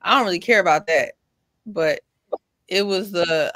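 A woman's voice: fairly low pitch, moderate pace, a bit bright, dry recording, studio quality. A woman co-hosting a podcast in casual chat, blunt and opinionated with loose slang. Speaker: podcast co-host.

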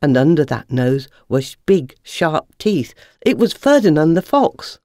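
A storyteller reading a children's story aloud with lively, expressive narration. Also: mid-range voice, a little slow, no room sound, studio quality.

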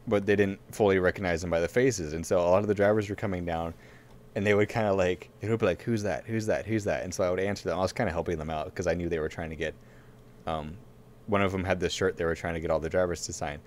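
A man's voice: sits low, fairly even intonation, fast talker. A man co-hosting a racing podcast in casual chat, telling a long rambling story full of fillers and frequent laughs. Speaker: podcast co-host.

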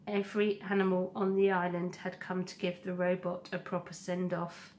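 A woman teacher reading a children's novel aloud to a class in a slow, steady storybook manner. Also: lowish voice, slight background noise.

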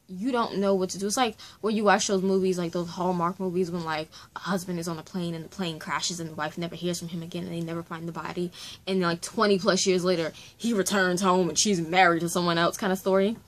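Animated woman gushing in a book vlog. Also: on the low side. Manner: animated, exclamatory, slangy. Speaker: book vlogger. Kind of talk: casual reading vlog.

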